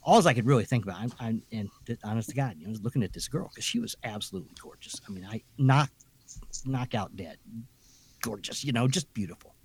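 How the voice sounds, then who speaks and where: A man's voice: mid-range voice, quick pace, slightly rough. A man on a podcast telling a ghost story in a rambling, casual way, full of restarts and asides. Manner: chatty, animated storytelling. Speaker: podcast co-host.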